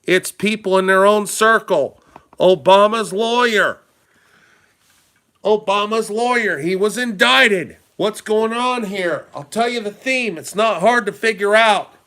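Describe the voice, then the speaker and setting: A man talking straight to his viewers in a loose, rambling commentary, pushing his points hard and peppering them with rhetorical questions. His voice sits a bit high and sounds bright and forceful. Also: unhurried, hardly any pauses. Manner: emphatic, rambling, asks the audience rhetorical questions; addresses viewers directly and informally. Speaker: political commentary vlogger. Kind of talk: casual talking-head commentary.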